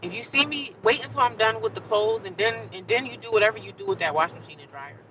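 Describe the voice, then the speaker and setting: A woman vlogging on a livestream, venting with animated, repetitive storytelling. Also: medium pitch, quick pace, far from the mic, lo-fi sound, a crowd in the background.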